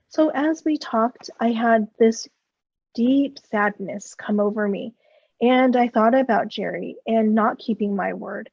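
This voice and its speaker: A woman's voice: mid-range voice, creaky, dry recording, highs cut off. A woman Buddhist minister giving a personal dharma talk at an online seminar, speaking in an earnest and reflective way and sharing her own feelings candidly.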